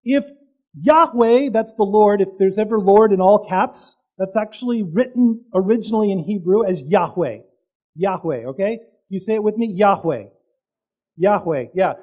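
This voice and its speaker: A man preaching a sermon to a congregation, telling the story with dramatic pauses, loud peaks and casual asides to the audience. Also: sits high, rough recording.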